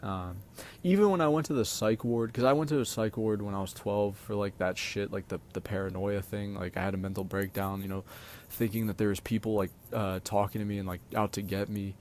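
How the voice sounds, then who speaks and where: A young man with a somewhat low voice, telling personal stories in a loose, rambling way. He piles on fillers and casual swearing as he talks straight to his audience. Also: fairly even intonation, fairly quick, darkish tone, slight background noise. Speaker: streamer. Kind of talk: casual storytelling monologue.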